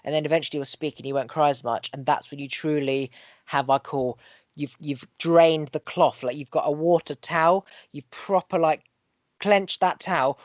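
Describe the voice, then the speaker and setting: A man's voice: on the high side, fairly even intonation, normal speed, no echo. Earnest, preachy man on a podcast. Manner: earnest, preachy, repeats phrases in rhythm; swears for emphasis. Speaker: podcast host. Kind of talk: casual podcast chat.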